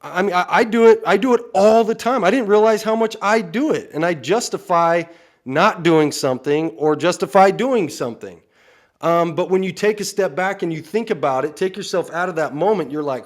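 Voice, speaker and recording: A man with a slightly high voice talks through a casual podcast chat. He speaks like a coach, earnest and blunt, and keeps tossing in "you know" as he works out his points. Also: normal speed.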